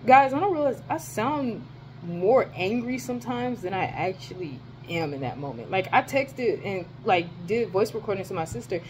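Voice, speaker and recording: Young woman ranting, animated and profane. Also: slight background noise. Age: young adult. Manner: animated and profane, swings to high exclaims. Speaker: vlogger. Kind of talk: casual ranting vlog. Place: her dorm room.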